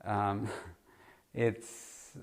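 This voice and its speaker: A middle-aged man with a fairly low voice talks through a solo podcast episode. He speaks loosely and conversationally, circling back with fillers and false starts as he works through his thoughts. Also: level tone, very slow, a little mellow. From Australia. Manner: casual and rambling, with frequent fillers and restarts. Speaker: podcast host, health coach.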